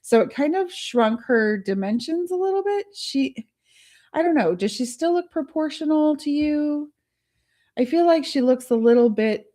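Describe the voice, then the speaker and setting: A woman's voice: a little high, a little mellow. A woman hosting a live tutorial stream, chatting casually with viewers, laughing often and thinking aloud as she works. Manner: thinks aloud while working on screen. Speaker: host of a live art studio stream.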